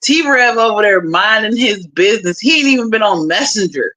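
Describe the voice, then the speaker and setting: Young woman livestreamer, blunt and profane, laughs a lot, bright and sharp-toned voice. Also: medium pitch, lively intonation, moderate pace, low-quality recording. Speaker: livestream host. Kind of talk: casual livestream chat.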